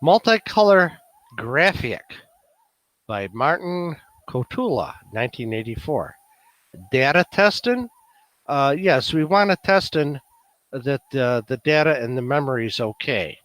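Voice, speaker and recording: A man's voice: mid-range voice, lively intonation, unhurried, a bit bright, no room sound. A man with a Chicago accent presenting at a meeting, musing aloud with many fillers. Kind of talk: casual demonstration talk.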